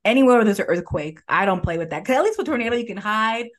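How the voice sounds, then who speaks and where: A woman's voice: medium pitch, lively intonation, fast. A young woman co-hosting a podcast in casual chat, talking in a chatty, rambling way and calling herself anxious and risk-averse. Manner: chatty and self-described anxious, rambling with restarts. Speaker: podcast co-host. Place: father's home office.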